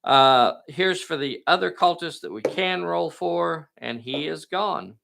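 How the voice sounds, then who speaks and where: A man's voice: a little high, measured pace, creaky, pushed and bright, a little hiss or hum. A man hosting and narrating a live tabletop game in a folksy, enthusiastic way, talking to viewers. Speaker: game master and host.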